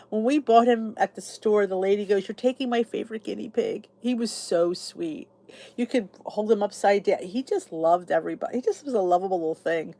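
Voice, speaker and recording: A woman's voice: medium pitch, darkish tone. A woman hosting her own channel, chatting casually with viewers and answering their comments. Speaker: YouTube channel host. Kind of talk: casual live chat with viewers.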